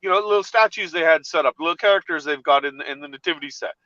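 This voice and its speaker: A man telling an animated story in a casual chat, laughing along as he goes. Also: fairly high pitch, quick pace, dry recording, dull audio.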